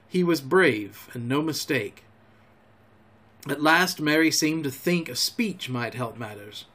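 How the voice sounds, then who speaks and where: A man hosting a storytelling show, reading a classic novel aloud in a calm, homely way. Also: fairly high pitch, slow. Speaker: storyteller host.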